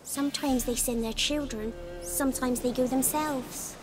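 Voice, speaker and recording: A woman's voice: high-pitched, fairly even intonation, normal speed, lightly acted. An actress voicing a curious, blunt little village girl in a video game, asking inquisitive questions. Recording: game music playing behind.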